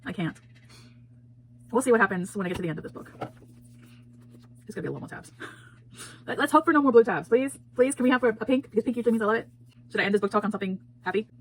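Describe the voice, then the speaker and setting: Fast-talking woman ranting about a book. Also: a little high, a bit bright. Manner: emphatic, repeats phrases, laughs often. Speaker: book reviewer. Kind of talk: casual spoiler book talk.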